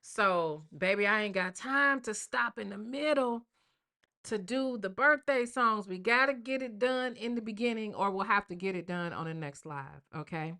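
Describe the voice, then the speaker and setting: Bright-voiced chatty grandmother host. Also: mid-range voice, normal speed. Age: older. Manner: chatty, slangy, addresses viewers as y'all and baby. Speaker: livestream host. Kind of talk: casual live-stream chat.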